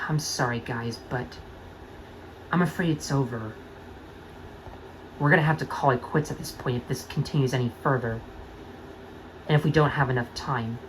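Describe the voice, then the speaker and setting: A woman voicing a gloomy young male steam engine in a fan-made audio drama, speaking low, with sighs and hesitant pauses. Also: a little hiss or hum, poor audio. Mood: worried.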